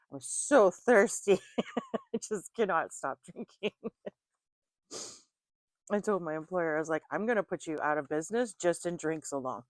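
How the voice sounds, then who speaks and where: Low-voiced chatty woman reading tarot. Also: no room sound, clean studio sound. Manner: chatty, laughs often between remarks. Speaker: tarot reader. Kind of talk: casual chat and tarot card reading.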